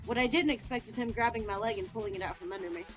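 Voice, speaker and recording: A woman's voice: on the high side, very fast, soft background music. Playful woman host reading aloud. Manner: playful, dramatic read-aloud narration. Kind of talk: reading a visual novel aloud, casual chat.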